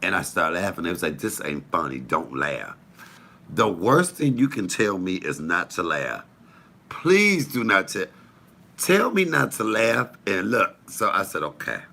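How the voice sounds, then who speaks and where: Animated laughing man with gravelly voice. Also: lowish voice, unhurried. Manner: animated, laughing, rambling anecdotes. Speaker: live stream host. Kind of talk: casual storytelling on a live stream. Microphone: phone.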